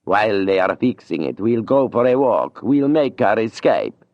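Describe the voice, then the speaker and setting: A man voicing a flamboyant male Italian opera singer, with a slow, theatrical, drawn-out delivery. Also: on the low side, sing-song, dry recording, lo-fi sound. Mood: scheming.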